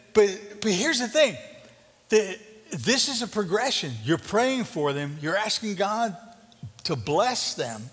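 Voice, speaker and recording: A man preaching a sermon as pastor, conversational and earnest, dropping to a hushed intensity. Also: high-pitched. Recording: reverberant hall.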